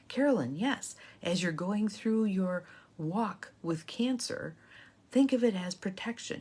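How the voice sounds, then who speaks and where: An older woman giving casual, encouraging guidance on setting boundaries, chatting to viewers in a warm, chatty way. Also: lowish voice, breathy edge. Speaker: intuitive guidance coach. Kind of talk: casual motivational talk to live viewers.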